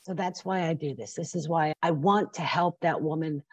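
Podcast guest: woman, 50s, husky lower voice, earnest and emotional delivery, close and dry. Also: moderate pace, no echo. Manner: passionate, emotional, sometimes teary with laughter. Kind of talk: podcast interview.

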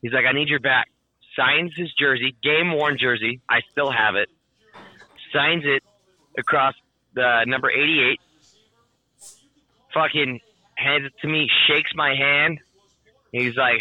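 A man in casual chat tells a story with breathless excitement, dropping swear words and "like" into nearly every line. His voice sits at an ordinary middle pitch. The recording is dry, with no room around it, and the sound is a little dull. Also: moderate pace, no room sound. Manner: excitable, swears constantly, "like"-heavy chatter.

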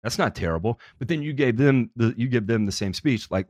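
Profane, animated male podcast host. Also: medium pitch, fairly quick, hardly any pauses, no room sound, studio quality. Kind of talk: casual podcast chat.

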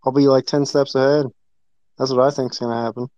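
A man in a casual chat, speaking in a halting, hesitant way. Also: mid-range voice, level tone, darkish tone, dry recording. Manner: halting and hesitant, with many fillers. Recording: dull lo-fi mic.

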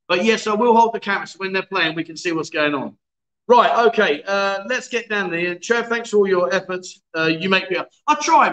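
Guy hosting a stream, chatty and jokey, high bright voice. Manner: chatty, joking, reads viewer comments aloud. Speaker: livestream host. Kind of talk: casual livestream chat.

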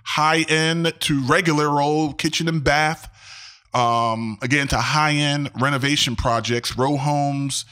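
A man's voice: a little high, fairly even intonation, slow pace, sharp tone, clean tone. Upbeat man hosting a podcast. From Maryland, US. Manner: upbeat, emphatic, repeats words for effect. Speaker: podcast host. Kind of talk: podcast intro and interview.

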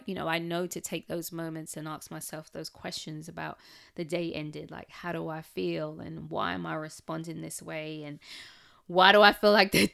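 A woman's voice: low-pitched, creaky, a bit bright. A woman reflecting on raising her nieces in candid personal chat, with plenty of "like" and "um". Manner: candid, chatty, with frequent "like" and "um".

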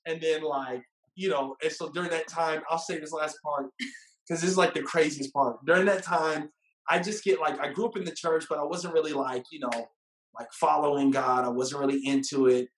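A man telling a casual story about his first date, animated and laughing, acting out what people said. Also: a little high, normal speed, echoey room, slight background noise. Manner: animated, laughing, acts out quotes.

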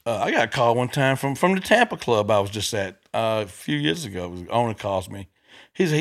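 A male comedian spinning stories in a loose, profane chat, his voice bright and forceful and leaping all over the pitch range. He acts out every character he mentions. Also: big pitch swings, fairly quick. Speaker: stand-up comedian. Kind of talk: casual storytelling chat.

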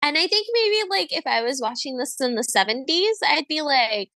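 A woman's voice: sits high, lively intonation, normal speed, pushed and bright, no room sound. A woman co-hosting a podcast, recapping a movie in a chatty, wry way. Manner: chatty, wry, slips into voices. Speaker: podcast co-host. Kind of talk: casual chat recapping a movie.

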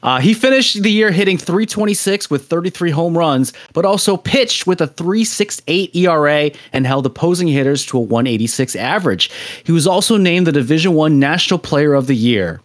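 A man's voice: fairly high pitch, expressive, a little fast, no echo, studio quality. A man hosting a casual sports talk show, reading stats and then chatting. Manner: reads stats, then chats. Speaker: host.

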